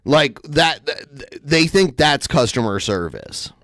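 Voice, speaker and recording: A man's voice: a little high, slow, no room sound, studio quality. A man hosting a podcast, sarcastically commenting on a video clip. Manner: sarcastic, lively mimicry. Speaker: podcast host.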